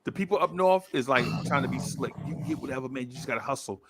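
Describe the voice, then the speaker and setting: Animated gravelly storyteller man. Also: mid-range voice, fast, noisy background. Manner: animated, acts out quoted voices, repeats for emphasis. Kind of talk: casual storytelling.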